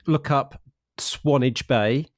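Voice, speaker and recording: A man from the UK hosting a casual podcast interview, talking with animated enthusiasm and frequent restarts. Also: medium pitch, takes it slowly, no echo, studio quality. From United Kingdom. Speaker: podcast host.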